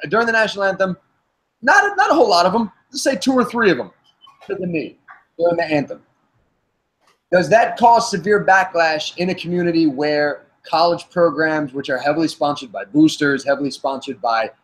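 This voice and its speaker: A man's voice: fairly high pitch, rough recording. A man with a northern New Jersey accent, leading a casual panel debate, asking long questions with frequent restarts. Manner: stumbling restarts, animated questioning.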